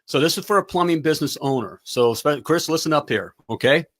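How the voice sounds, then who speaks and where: A middle-aged man hosting a live talk show, giving an energetic pep talk and checking in often with "all right?". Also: on the high side, brisk. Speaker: talk show host and plumbing business coach.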